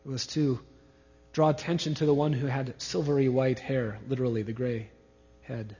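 A man's voice: medium pitch, steady tone, moderate pace, mellow. A male pastor preaching an expository sermon, who stresses his main points by repeating key words. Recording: reverberant hall, dull lo-fi sound.

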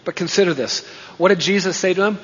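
A man preaching a sermon, swinging between emphatic rises and hushed, quiet passages. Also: high voice, fast talker, slightly rough. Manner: emphatic preaching, rising and dropping to hushed tones. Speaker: pastor. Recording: dull sound with long reverb in a hall.

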